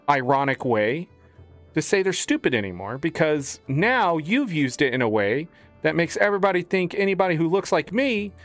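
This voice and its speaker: Streamer, male: high, animated, swearing rant, exasperated. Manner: profane, exasperated ranting. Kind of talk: ranting stream commentary.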